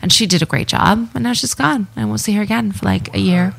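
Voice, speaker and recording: Canadian woman with a gravelly voice. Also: mid-range voice, animated, quick pace. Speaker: guest. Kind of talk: casual chat.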